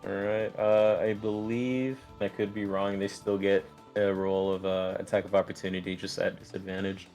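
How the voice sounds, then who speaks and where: Young guy dm'ing a tabletop game, kinda rambly, deep monotone voice, faint music behind. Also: moderate pace, few pauses. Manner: loose, rambling narration with many fillers. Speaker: game master. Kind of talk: running a tabletop game over voice chat.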